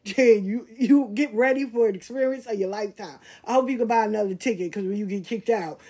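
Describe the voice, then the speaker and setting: An older woman, her voice a little high and husky, tells stories in a loose, chatty way. She talks bluntly and swears freely, with plenty of animation. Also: fairly quick, hardly any pauses. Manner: animated, blunt and profane, laughing at herself. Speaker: host. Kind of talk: casual storytelling monologue.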